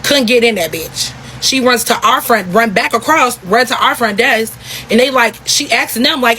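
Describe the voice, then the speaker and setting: A young woman telling a story in a casual vlog, talking in a profane, animated, repetitive way. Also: on the high side, moderate pace, a little hiss or hum, rough recording.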